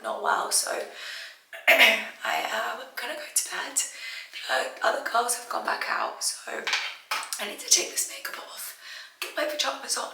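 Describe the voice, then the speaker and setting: Hoarse whispering woman who has lost her voice. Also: a little high, echoey room, recorded from a distance, rough recording. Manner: strained, talking softly through a sore throat. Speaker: vlogger. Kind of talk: casual vlog to camera. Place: indoors at night after a night out.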